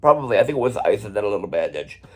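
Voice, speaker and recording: Husky, animated middle-aged man telling a story. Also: on the low side, racing. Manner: animated, conversational, swears casually. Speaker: drummer and vlog host. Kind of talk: casual storytelling vlog.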